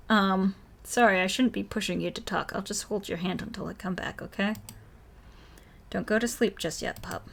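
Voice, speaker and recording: A woman's voice: medium pitch, fairly even intonation, normal speed, creaky, a bit bright. A woman streamer reading a horror visual novel aloud, voicing every character in her own voice and reacting between lines.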